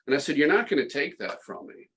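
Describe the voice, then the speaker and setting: A man's voice: a little high, big pitch swings, fast talker, a bit bright, a little hiss or hum, poor audio. A middle-aged man, a podcast guest, telling a story in a casual, tongue-in-cheek, sarcastic way, full of restarts.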